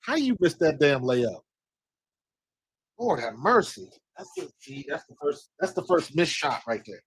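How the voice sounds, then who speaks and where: Man, fan watch-along commentary, excitable, coaching the screen, slightly high, husky, dry close sound. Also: unhurried, no room sound. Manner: excitable, talks to players on screen, coaching and scolding.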